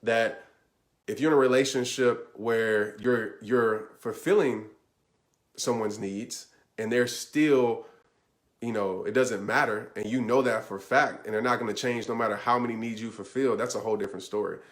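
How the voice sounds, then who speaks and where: A man's voice: on the low side, steady tone, moderate pace. A man giving an earnest, conversational motivational talk, speaking straight to his listeners and often checking in with "right?". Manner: earnest, repeats "I promise you" and "right?". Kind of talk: motivational talk answering a question.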